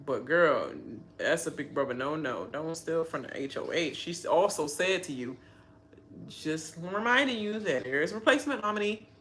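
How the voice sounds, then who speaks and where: A woman's voice: low-pitched, normal speed, a little hiss or hum. A woman hosting a live reaction video, ranting and laughing about a reality show as it plays. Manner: animated, laughs often, mimics people.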